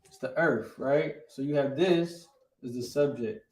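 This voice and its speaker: A man teaching a casual online language class, checking in with "right?" after nearly every phrase and sounding out words slowly. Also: mid-range voice. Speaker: Hebrew teacher. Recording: echoey room.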